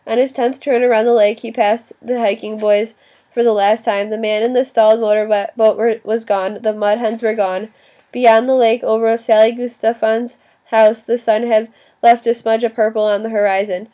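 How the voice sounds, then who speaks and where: A woman narrating an audiobook in an even reading voice, now and then restarting a word. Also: a little high, dull audio. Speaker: audiobook reader.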